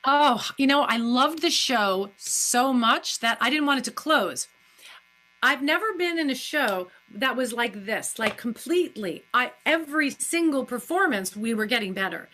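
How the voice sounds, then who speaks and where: A woman's voice: a little high, expressive, a little slow, pushed and bright, a little hiss or hum. A woman, a guest actress, chatting effusively in a live-streamed Q&A, with many fillers.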